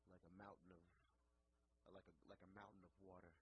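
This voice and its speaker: A man voicing a grown man who praises his rum in a hushed, mock-reverent tone, pitched low and soft. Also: level tone, brisk. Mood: mock-solemn. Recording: noisy background ambience.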